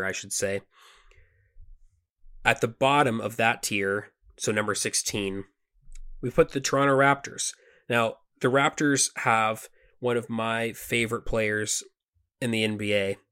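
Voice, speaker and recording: A man co-hosting a sports podcast, talking casually with lots of fillers and restarts. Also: on the low side. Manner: relaxed, conversational, frequent fillers and restarts. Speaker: podcast co-host.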